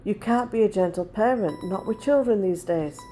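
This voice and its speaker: A woman's voice: medium pitch, normal speed, warm tone, faint music behind. A woman in her forties chatting casually to her viewers, blunt and rambling as she tells stories. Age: 40s. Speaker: vlogger. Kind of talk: casual chat.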